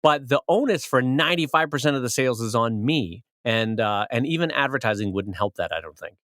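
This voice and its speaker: A man's voice: mid-range voice, animated, a little fast, a bit bright, no room sound, clean studio sound. A man co-hosting a cartoonists' podcast, talking shop with playful teasing and mock-grand praise. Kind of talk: casual shop talk.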